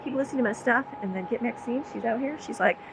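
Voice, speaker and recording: A woman's voice: fast talker, vocal fry, background noise. A woman vlogger and homeschooling mom chatting casually and rambling about her day at home, partly out on her deck. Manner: chatty, rambling, talks to pets in a high voice. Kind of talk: casual day-in-the-life chat.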